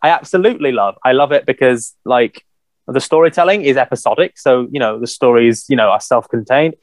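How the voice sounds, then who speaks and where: A man co-hosting a casual podcast chat, animated and swearing freely with lots of "you know". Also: medium pitch, a little fast, no room sound. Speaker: podcast co-host.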